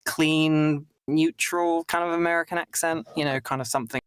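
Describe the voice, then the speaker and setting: A man's voice: on the high side, fairly even intonation, normal speed, fairly bright tone, smooth, no room sound, clean studio sound. A British man hosting a stream, chatting casually and rambling with lots of fillers and restarts on a streaming mic. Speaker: streamer host.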